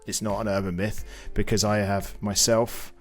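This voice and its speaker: A young man spins a story on a podcast, low-pitched and lively, swearing freely and acting out the people in it. Faint music sits behind him. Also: normal speed. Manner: animated, swears freely, acts out quoted voices. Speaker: podcast co-host. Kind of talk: casual storytelling chat.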